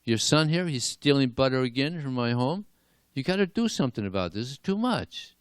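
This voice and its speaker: A man voicing a loud, indignant village woman who complains about a thieving boy. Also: sing-song, brisk, clean tone, dry recording, natural voice. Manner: shrill, scolding, indignant.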